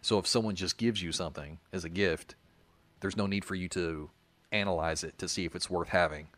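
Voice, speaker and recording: Deep-voiced man in his thirties. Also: a little fast, fairly bright tone. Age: 30s. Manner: rambling storyteller, explains things patiently. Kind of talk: casual chat.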